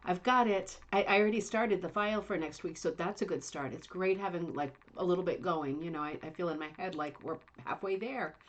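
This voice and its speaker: A woman's voice: on the low side, fairly quick, few pauses, dull audio. Chatty rambling woman hosting a livestream. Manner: chatty, rambling, self-deprecating. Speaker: livestream host. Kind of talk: casual livestream chat. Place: home, Indiana.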